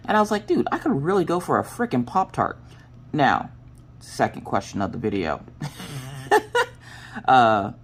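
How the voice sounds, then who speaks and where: A woman with a notably deep voice, slightly crackly from the early hour, chats to her viewers while she crafts. She tells her story in an animated, casual way and swears freely along the way. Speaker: crafting vlogger.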